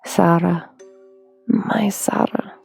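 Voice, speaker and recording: A woman's voice: fairly low pitch, steady tone, extremely slow, creaky, darkish tone, slightly rough, soft background music, full character voice. A woman voicing a desperate grieving mother in a black veil, speaking with a German accent in broken, whispered pleas. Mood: pleading.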